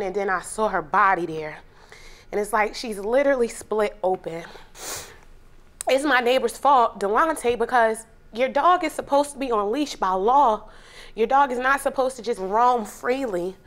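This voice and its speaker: A woman, a plaintiff on a TV court show, telling her story in emotional detail. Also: fairly high pitch. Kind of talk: testimony in a TV courtroom.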